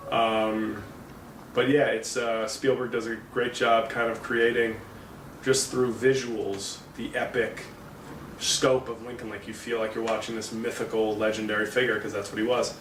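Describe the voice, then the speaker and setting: A man's voice: lowish voice, level tone, normal speed, a bit bright. A male comedian giving a casual, rambling movie review, full of fillers and self-corrections. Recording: roomy, distant mic, faint background noise.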